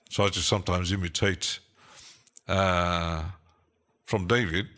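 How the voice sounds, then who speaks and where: A man's voice: low-pitched, sharp tone. A man casually chatting on a live stream while producing music, rambling and hesitant, often laughing to himself.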